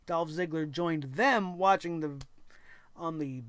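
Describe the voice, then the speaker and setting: A man's voice: a little high, takes it slowly, a bit bright, clear, resonant tone, no room sound. A man hosting a wrestling show, recapping the episode in a sarcastic, exasperated rant and mocking the wrestlers now and then. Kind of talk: opinionated recap commentary.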